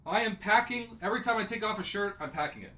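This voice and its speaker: Man in his thirties from New Mexico; high-pitched, emotional livestream host. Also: fast, slight background noise. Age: 30s. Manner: emotional, excitable, ranting. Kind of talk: casual livestream chat.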